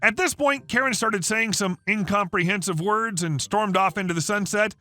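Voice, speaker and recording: A man narrating online stories aloud, in a lively storytelling way. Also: sits high, normal speed. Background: faint background music.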